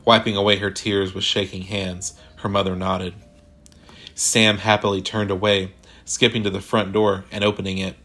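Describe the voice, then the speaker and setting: A man reading a sci-fi horror short story aloud in a measured, deliberate way. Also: on the low side, flat delivery, a bit bright, faint music behind. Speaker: narrator. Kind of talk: scripted horror story narration.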